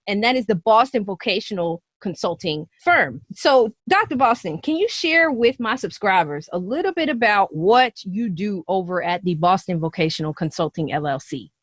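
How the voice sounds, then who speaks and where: Lively, expressive woman podcast host. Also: medium pitch, no echo. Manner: upbeat, playful, laughs often. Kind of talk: casual podcast chat.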